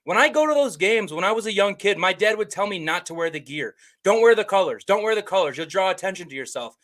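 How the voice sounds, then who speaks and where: A man's voice: high-pitched, fairly bright tone. A man on a casual podcast, ranting in a heated, profane, indignant way.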